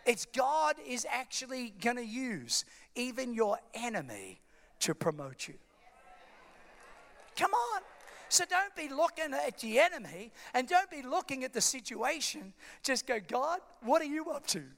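A male pastor preaching a sermon with passion, building up to shouts. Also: very high-pitched, sing-song, normal speed, gravelly. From Australia. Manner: impassioned preaching, rising to shouts. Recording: echoey hall reverb.

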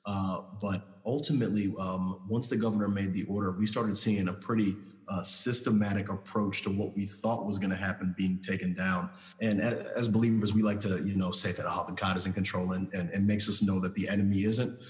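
Very low, monotone man, hesitant interview guest, echoey call audio. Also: fairly quick. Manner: hesitant, many fillers. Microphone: video call.

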